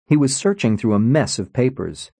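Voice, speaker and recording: A man narrating an audiobook in an expressive storytelling manner, on a close studio mic. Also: mid-range voice, normal speed, vocal fry, no room sound. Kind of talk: scripted narration.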